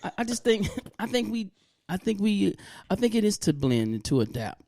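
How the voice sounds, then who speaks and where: A man's voice: sits high, very animated, moderate pace, gravelly, dark tone, no room sound. A man co-hosting a podcast in casual chat, playful and joking, often laughing as he talks. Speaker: podcast co-host.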